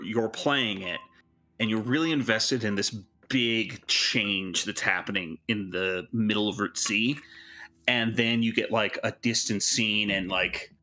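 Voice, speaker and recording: A man's voice: lowish voice, sharp tone. A man co-hosting a game stream, chatting casually and hesitantly with lots of fillers. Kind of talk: casual chat over gameplay.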